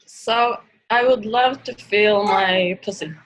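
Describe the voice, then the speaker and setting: A woman's voice: medium pitch, slow pace, slight background noise, low-quality recording. A woman taking a turn at the microphone in a workshop, hesitant and a bit awkward. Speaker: workshop participant. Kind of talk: speaking at a mic in a class.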